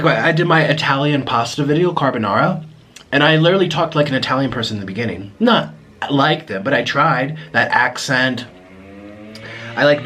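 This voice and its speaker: A man vlogging to camera, talking in a reflective, apologetic way with many restarts, pausing to eat. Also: medium pitch, a bit bright, slightly rough. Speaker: mukbang vlogger. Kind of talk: casual confessional talk to camera.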